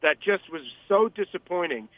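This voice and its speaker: A man's voice: sits high, animated, moderate pace, no room sound. A man calling in as a guest on a radio interview, talking emphatically, rambling and repeating himself. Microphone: telephone. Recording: tinny phone line, dry.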